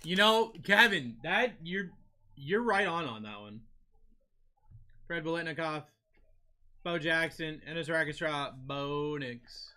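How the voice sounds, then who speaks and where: A young man with a New England accent runs a live card-break stream, reading out player names and chatting with his viewers in a lively way. His voice sits high for a man, and its tone is strikingly bright and sharp. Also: slow pace, pauses often. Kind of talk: live-stream chat while opening cards.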